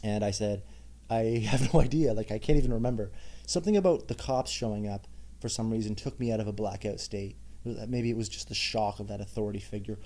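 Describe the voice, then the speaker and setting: Candid man with a low, mellow voice. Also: a little fast. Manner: candid, self-mocking storytelling with asides. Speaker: podcast host. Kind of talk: personal monologue.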